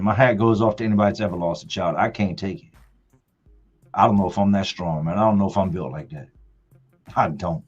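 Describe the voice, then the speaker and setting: A man in his forties, hosting a livestream, telling a personal story in a casual, emphatic, animated way. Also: low voice, brisk, pauses often, husky. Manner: emphatic, animated retelling with colloquial speech. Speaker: livestream host. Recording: muffled audio with faint music.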